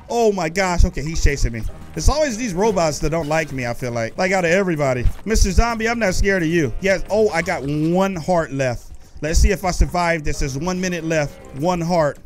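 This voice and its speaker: A young man giving excited let's-play commentary while gaming, often shouting and taunting the monsters. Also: high voice, moderate pace, faint music behind. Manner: animated, shouts and taunts in-game enemies. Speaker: gaming YouTuber.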